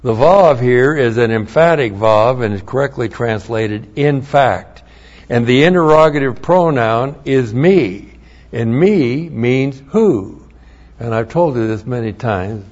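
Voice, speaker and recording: A pastor teaching through a Bible passage word by word, spelling out terms letter by letter, with dry humorous asides. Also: male voice, medium pitch, darkish tone. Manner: slow, emphatic, spells out words letter by letter. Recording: dull lo-fi recording.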